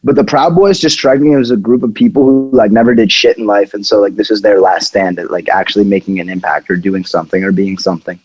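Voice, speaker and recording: A man's voice: on the low side, steady tone, fast, few pauses, a little mellow, breathy edge, no echo, muffled recording. A man co-hosting a podcast in casual chat, crude and joking, swearing freely. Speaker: podcast co-host.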